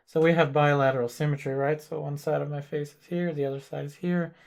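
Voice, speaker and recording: A man demonstrating a portrait painting as an instructor, calmly thinking aloud while he works. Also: a little high, gravelly. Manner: thinks aloud while working, calm and deliberate.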